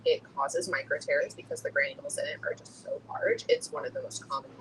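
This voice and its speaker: A woman's voice: low-pitched, huge pitch swings, brisk, a bit bright, slight background noise, low-quality recording. A young woman who runs a skincare business, talking casually and laughing often. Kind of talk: casual chat.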